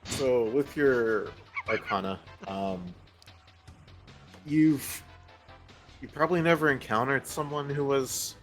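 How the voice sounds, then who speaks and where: Low-voiced young man running a tabletop game. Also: a bit bright. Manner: hesitant, many fillers. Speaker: game master.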